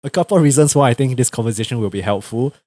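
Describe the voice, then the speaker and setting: A young man with a Singaporean English accent introduces his podcast guest over an internet call. His voice sits at an ordinary middle pitch, and he talks in a loose, friendly way, with plenty of fillers and small laughs. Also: very fast, dry recording. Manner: relaxed, chatty, with frequent fillers and laughs. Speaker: podcast host. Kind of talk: casual podcast conversation. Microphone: video call over the internet.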